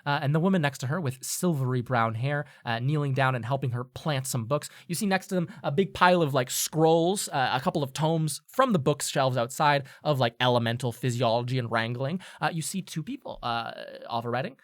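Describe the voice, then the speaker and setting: A man's voice: medium pitch, fairly quick, few pauses, no echo, studio quality. A man narrating as game master of a tabletop game, casual and loose with many fillers and restarts.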